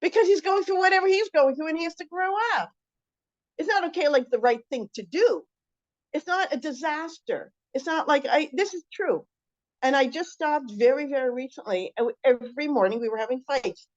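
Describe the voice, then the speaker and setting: A woman's voice: high voice, fairly quick. Chatty middle-aged woman teaching a class. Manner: chatty, animated, rambling with many restarts. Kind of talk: informal class talk. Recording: muffled lo-fi recording.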